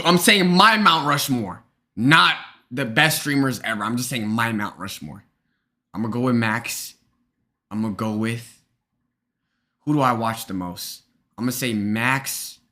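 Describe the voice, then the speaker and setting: Bright-voiced young man streaming live. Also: medium pitch. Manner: animated, joking, talks straight to chat. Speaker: streamer host. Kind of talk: casual live-stream chat.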